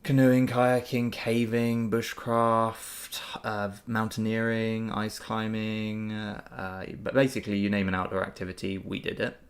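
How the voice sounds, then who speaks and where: A man chats loosely through a live question-and-answer session, upbeat and easygoing. His voice sits fairly low with a gravelly edge, and he rambles, pausing on fillers and restarting sentences. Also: little pitch movement. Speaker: channel host answering viewer questions. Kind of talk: casual live Q&A chat.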